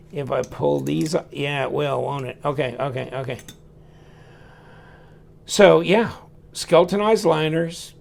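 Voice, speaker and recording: A man chatting casually as he takes a knife apart, folksy and thinking aloud while he tinkers. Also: on the high side. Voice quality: gravelly. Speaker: knife reviewer. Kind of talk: casual hands-on review.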